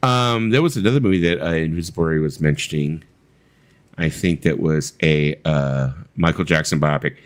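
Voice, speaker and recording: A man co-hosting a casual late-night stream chat, swearing freely and laughing as he talks. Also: a bass voice. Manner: profane, laughing, does quick impressions. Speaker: co-host.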